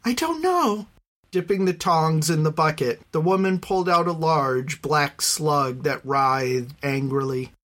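An audiobook narrator reading a fantasy story in a measured, even storytelling voice. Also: medium pitch. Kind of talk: scripted narration.

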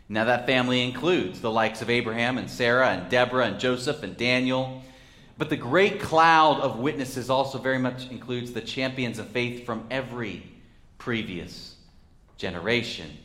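A male pastor preaching a sermon in a church, with a measured, reflective delivery and dramatic pauses. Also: mid-range voice, a bit bright, roomy sound.

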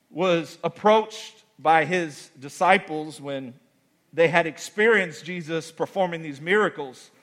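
A male pastor preaching in a church with a high, bright voice. He builds from quiet reflection into shouted, pleading prayers and keeps calling out to the congregation. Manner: preaching with rising shouts and dramatic acted-out prayers; repeats phrases for emphasis, calls out to the congregation. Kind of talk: sermon.

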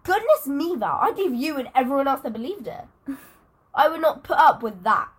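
A woman's voice: high voice, animated, moderate pace. A teenage girl co-hosting a podcast, chatting in a rambling, giggly way. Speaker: podcast co-host. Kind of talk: casual chat.

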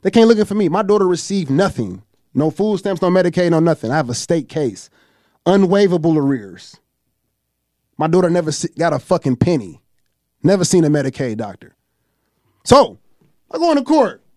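A man tells his story with lots of swearing and acted-out voices. His voice sits fairly high for a man, and the sound is dry and close with no room echo. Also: moderate pace, pauses often. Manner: profane, animated storytelling with acted-out quotes. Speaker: podcast host. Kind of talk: casual storytelling chat.

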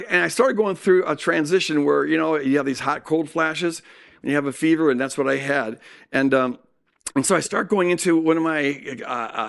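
A man telling a personal story in a sermon, animated and acting out what people said. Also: on the high side, creaky. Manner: animated storytelling with acted-out quotes. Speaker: speaker.

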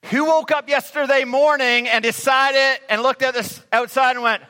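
A man preaching a sermon as pastor, animated and acting out grumbling voices. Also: extremely high pitch, moderate pace. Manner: animated, acts out complaining voices. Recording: reverberant hall.

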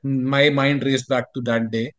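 A man's voice: mid-range voice, level tone, measured pace, a bit bright, no echo. Rambling Indian man on a dry mic. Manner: rambling, hesitant storytelling. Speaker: podcast co-host. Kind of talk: casual chat.

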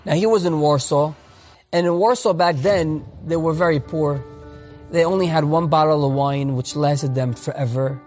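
A man's voice: fairly high pitch, normal speed, darkish tone, faint music behind. A man earnestly retelling a religious story with emphatic storytelling.

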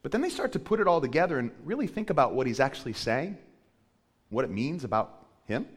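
Animated man preaching a sermon. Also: mid-range voice, fairly quick. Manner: animated storytelling, acting out quotes. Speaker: pastor.

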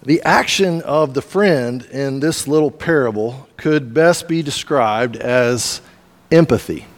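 A pastor delivering a sermon in a conversational, storytelling way with casual asides. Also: male voice, medium pitch, takes it slowly, big-room sound.

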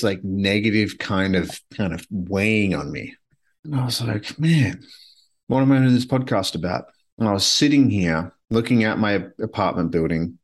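Man, low voice, solo podcast host, candid, rambling, casual swearing, from Canada. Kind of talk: solo reflective podcast monologue. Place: his apartment.

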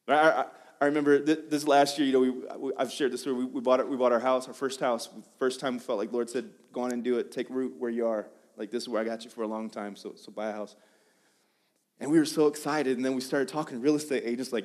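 A man preaching a sermon in a conversational, animated way, often restarting his phrases. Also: mid-range voice, fast talker. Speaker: pastor.

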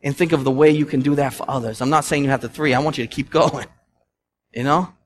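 A young man, a pastor preaching a sermon, telling stories with swings from loud to hushed. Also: medium pitch, steady tone, fast talker, slight background noise. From Massachusetts.

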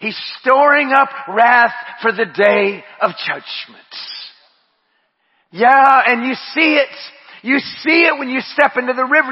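A man preaching a sermon. He drops to hushed murmurs, rises to shouted refrains, repeats his phrases and speaks in tongues. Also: high-pitched, expressive, normal speed, breathy edge. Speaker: pastor. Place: church sanctuary. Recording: dull audio with long hall reverb.

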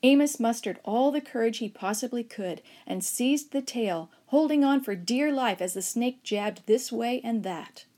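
A woman narrating a children's Bible story aloud, lively and expressive, raising her voice for shouted lines. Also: on the high side, unhurried, hardly any pauses. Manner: expressive, acts out shouts and whispers.

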